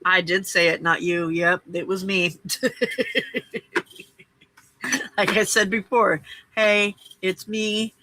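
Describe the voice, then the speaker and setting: A woman's voice: mid-range voice, level tone, unhurried, pushed and bright, rough recording. A woman hosting a late-night crafting livestream from her home craft room, chatting casually, greeting viewers by name and teasing herself.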